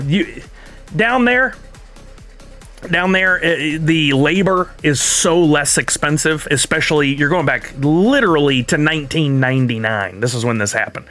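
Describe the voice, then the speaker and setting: Speaking with a medium pitch and a sharp tone, this middle-aged streamer host shares a story in casual chat. He performs both sides of the conversation himself.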